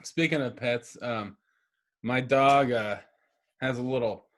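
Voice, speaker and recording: A man's voice: medium pitch, steady tone, slow pace, a bit bright. A man co-hosting a podcast, chatting casually and reacting with short agreements. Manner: laid-back, reacts with short agreements and laughs. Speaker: podcast co-host. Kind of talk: casual chat.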